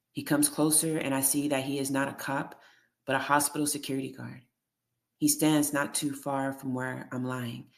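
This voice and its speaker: An audiobook reader reading a first-person memoir in a steady, measured way. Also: medium pitch, creaky.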